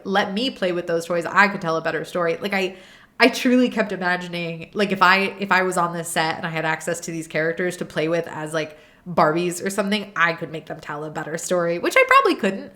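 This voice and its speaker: A young adult woman hosting unscripted reaction commentary, ranting in an animated and exasperated way. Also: fairly low pitch. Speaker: video essay host.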